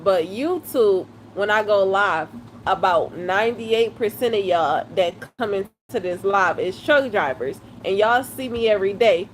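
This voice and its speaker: A woman's voice: mid-range voice, lively intonation, a little hiss or hum. A woman, chatting casually and laughing often during a live stream. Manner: laughing, chatty, drawn-out exclamations.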